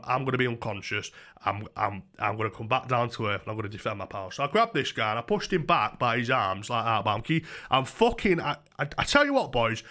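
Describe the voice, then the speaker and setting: A young man, a streamer telling a rambling story full of swearing and restarts. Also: medium pitch. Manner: profane, excitable, rambling with many restarts. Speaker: YouTuber streamer. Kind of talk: casual storytelling on a livestream.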